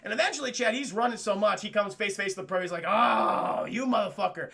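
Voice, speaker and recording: A high, bright-voiced man tearing through a film recap for his live chat. He is excitable and profane, laughs often, and slips into the characters' lines. A gravelly fry runs under his speech. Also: racing. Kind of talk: animated spoiler recap with quoted character voices.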